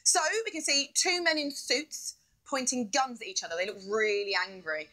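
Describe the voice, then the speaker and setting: A woman hosts a live quiz show in a bubbly, playful way. Her voice is high and bright, and it swoops up and down all the time. Faint music plays behind her. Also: big pitch swings, normal speed, low-quality recording.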